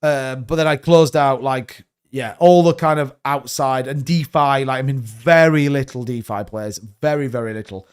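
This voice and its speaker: A man's voice: mid-range voice, normal speed, hardly any pauses, clean tone. A man hosting a casual crypto livestream, rambling through his holdings, correcting himself and answering questions from the chat.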